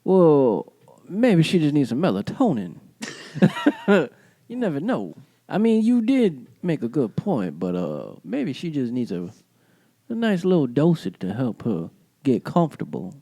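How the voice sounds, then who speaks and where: A man's voice: fairly high pitch, huge pitch swings, unhurried, dark tone, dry recording. A man co-hosting a casual podcast, playful and teasing, often breaking into laughs. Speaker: podcast co-host. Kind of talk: casual banter.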